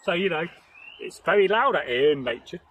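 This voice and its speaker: A man's voice: a little high, animated, brisk, phone-quality sound, slight background noise. A man casually telling a folktale outdoors, rambling and jokey with many "you know" asides. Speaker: storyteller host. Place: outdoors in nature.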